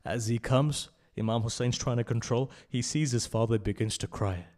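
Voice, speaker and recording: A man giving a mourning sermon that moves from hushed, low telling to loud, high, tearful pleading, choked with tears. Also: normal speed. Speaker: speaker at a memorial gathering. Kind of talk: Shia majlis sermon with mournful recitation.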